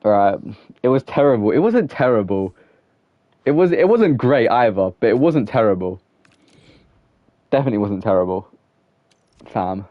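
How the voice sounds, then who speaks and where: On a casual live stream, a young gamer talks with viewers as he plays, rambling, leaning on "like" and laughing often. He sounds low-ish and expressive at a moderate pace with long pauses, and the audio is dull with no echo.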